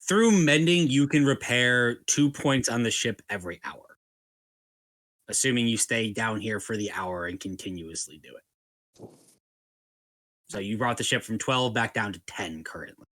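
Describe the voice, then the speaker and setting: A man's voice: fairly low pitch, unhurried, pauses often, a bit bright, dry recording. A man running a tabletop game as dungeon master, making laid-back, wry rulings.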